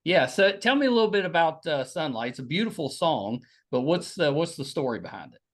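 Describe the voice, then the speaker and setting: Halting West Virginian man hosting. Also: a little high, very animated. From West Virginia, United States. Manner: halting, many restarts and fillers. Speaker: podcast host. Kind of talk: casual interview chat.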